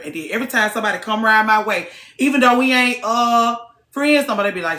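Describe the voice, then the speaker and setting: A woman talking to camera in a casual vlog rant, blunt and profane, preaching hard and swinging into shouts. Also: on the high side, quick pace, reverberant. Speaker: vlogger.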